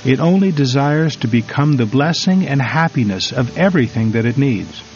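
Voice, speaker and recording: A man reading a devotional story and reflection in a measured, solemn manner with drawn-out emphasis. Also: medium pitch, expressive, a little mellow. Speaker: devotional reader. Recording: slightly dull recording over faint music.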